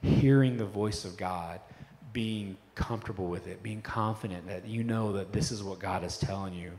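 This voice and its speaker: A man's voice: on the low side, normal speed, a little mellow, a little hiss or hum. A middle-aged man preaching a sermon as pastor, talking in a loose, conversational way with many fillers. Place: church sanctuary. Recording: long hall reverb with faint music. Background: faint worship band music.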